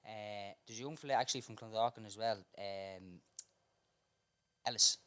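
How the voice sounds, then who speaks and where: A man's voice: lowish voice, moderate pace, clear, resonant tone. Man, rapper guest, sweary, blunt, casual chat. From Ireland. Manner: blunt, sweary, trails off quietly.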